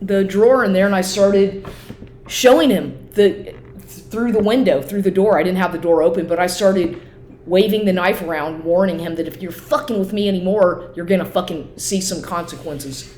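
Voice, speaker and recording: A woman vlogger in an upset, profane rant, talking fast and repeating herself. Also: on the low side, darkish tone. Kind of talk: agitated personal rant to camera. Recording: echoey room with faint noise.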